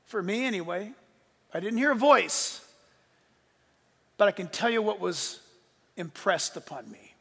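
An older man in his sixties preaches in a rather high voice, telling his story earnestly. He drops to a hush and then rises to emphatic peaks. A long reverb from the hall trails behind every phrase. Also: lively intonation, a little slow, vocal fry, pauses often, slightly rough. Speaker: pastor. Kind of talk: sermon.

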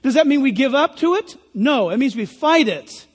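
A man's voice: extremely high pitch, lively intonation, moderate pace, slightly rough, in a large hall. A man preaching a sermon as pastor, emphatic with sarcastic asides.

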